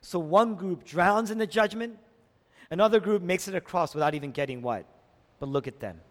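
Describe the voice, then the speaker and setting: A male pastor preaching a sermon, asking rhetorical questions and swinging from emphatic peaks to low, quiet lines. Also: moderate pace. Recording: long hall reverb.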